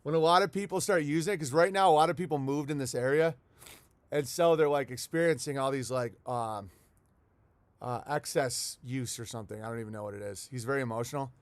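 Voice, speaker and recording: Speaking a little fast on a dry recording, a man with a mid-range voice hosts a relaxed home livestream in the countryside. He rambles, swears, talks to his chat, and reads letters sent in by viewers.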